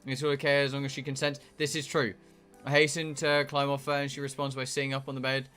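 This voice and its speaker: A man's voice: medium pitch, completely flat delivery, quick pace, pushed and bright, smooth, faint music behind. A British man streaming a game playthrough, reading the on-screen text aloud and chatting to viewers in a joking, rambling way, stumbling over words now and then.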